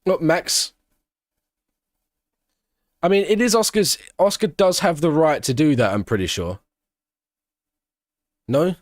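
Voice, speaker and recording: A man's voice: on the high side, takes it slowly, long pauses, no room sound, clean studio sound. A man streaming a live race watch-along, giving casual commentary and answering questions from his chat. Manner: chatty, answers chat questions, breaks into excited shouting at big moments.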